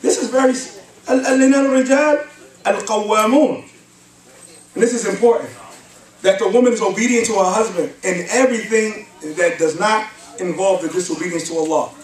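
A man's voice: high voice, fairly quick. A man giving a religious lecture in a mosque, reciting Arabic verses and asking the audience rhetorical questions. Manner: quotes Arabic verses and asks rhetorical questions like "huh?" and "what?". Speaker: Islamic lecturer. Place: mosque hall. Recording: echoey hall, mic at a distance, faint hiss.

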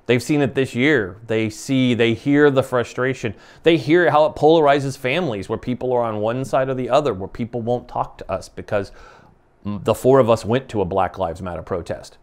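A man's voice: medium pitch, darkish tone. A man in his forties, from the United States, hosting an interview in a passionate, emphatic way, often restarting his sentences. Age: 40s. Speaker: show host. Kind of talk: conversational interview.

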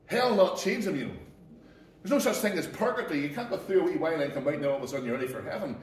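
A man's voice: high-pitched, quick pace. A man with a Northern Irish accent, a pastor giving an earnest, folksy sermon. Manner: earnest, folksy, animated preaching. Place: church. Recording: echoey church from a distance.

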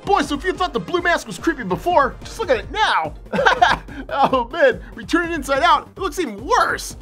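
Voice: high-pitched, sing-song, normal speed, sharp tone, faint music behind, heavily acted. A performer voicing a giggly male puppet who hosts a comedic toy review show, laughing constantly and exclaiming through it. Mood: giggly, amused. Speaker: host.

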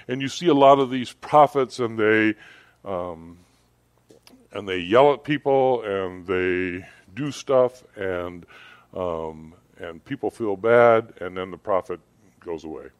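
A middle-aged pastor with a lowish voice delivers a sermon to his church. He talks loosely and conversationally, circling back and restarting his sentences. The sound is close and dry, with no room echo. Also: takes it slowly. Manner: rambling, conversational storytelling with many restarts. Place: church service.

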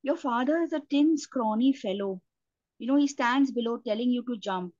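A woman's voice: on the high side, moderate pace, darkish tone, dry recording. An Indian woman preaching a sermon, earnest, often restarting her sentences with fillers. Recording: dull lo-fi, dry sound.

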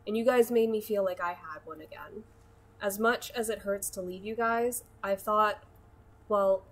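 A young woman recording a heartfelt goodbye to her friends, as a woman voices her. Her voice sits at an ordinary middle pitch. She speaks earnestly and sincerely. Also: fairly bright tone. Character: young woman saying farewell in a video message.

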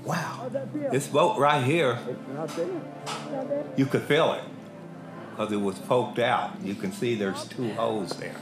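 Speaking slowly with long pauses, a middle-aged inmate gives his personal testimony in an earnest, colloquial, plain-spoken manner. His mid-range voice carries through an echoey room where faint music plays.

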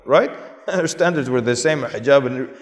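A man's voice: mid-range voice, normal speed. Guy preaching to a crowd, asks them stuff, drops arabic words, big echoey hall. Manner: conversational, asks the audience questions; sprinkles Arabic words into English. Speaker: Islamic speaker. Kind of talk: lecture to a live audience.

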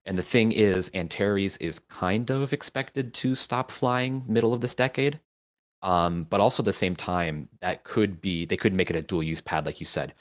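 Very deep-voiced matter-of-fact man. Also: moderate pace. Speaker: co-host, writer. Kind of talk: casual live show chat.

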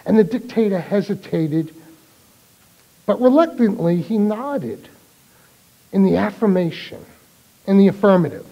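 A man from New preaches to his congregation. His voice is high and very expressive. He talks slowly and draws listeners in with questions. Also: muffled recording. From New York. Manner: animated storytelling, rallying the congregation with questions. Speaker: pastor. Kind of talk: sermon.

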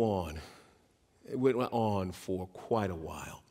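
A man's voice: normal speed, darkish tone, in a large hall. A man preaching a sermon, telling stories and acting out the voices of the people in them. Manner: storytelling, acts out quoted voices in a raised pitch. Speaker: pastor.

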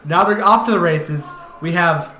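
A young man doing casual esports commentary as a bemused newcomer who breaks into excited shouts. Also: fairly high pitch, normal speed. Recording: roomy echo with faint noise.

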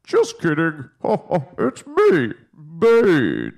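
A man voicing a smug, taunting masked male brute villain with a raspy, gravelly voice. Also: fairly high pitch, wildly swooping pitch, darkish tone, heavily acted. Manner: slow and taunting.

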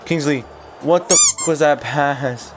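Young man, gaming commentary, excitable, very animated pitch, unhurried delivery. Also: very noisy. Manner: excitable, hyping players, laughing often. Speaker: gaming YouTuber. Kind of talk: live commentary while playing a football video game.

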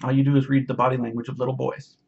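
A man vlogging, ranting to camera in a sarcastic, preachy way, with a husky voice. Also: medium pitch, flat delivery, racing, darkish tone, highs cut off. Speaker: YouTuber. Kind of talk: casual rant to camera.

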